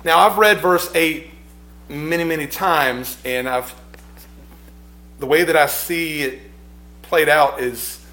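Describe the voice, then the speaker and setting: A male preacher delivers a slow, searching sermon, often repeating himself as he works toward a point. His voice sits a touch high for a man. The room around him is echoey. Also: sharp tone. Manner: reflective, repeats phrases, swells in emphasis.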